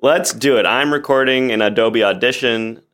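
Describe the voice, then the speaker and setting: A man speaking as a guest on a podcast, easygoing and relaxed, recording from a studio. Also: medium pitch, moderate pace. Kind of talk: casual podcast chat.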